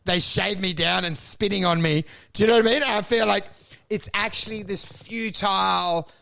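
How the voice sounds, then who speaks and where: A man co-hosting a comedy podcast who rants through absurd stories in a sweary, animated way. His voice sits high, with a gravelly fry and a bright edge. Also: moderate pace. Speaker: podcast co-host. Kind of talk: absurd comic storytelling.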